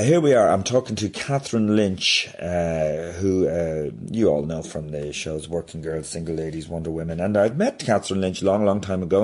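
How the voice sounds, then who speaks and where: A man, hosting a comedy podcast and ranting in an exasperated, animated way. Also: low voice, slightly rough. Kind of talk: comic rant.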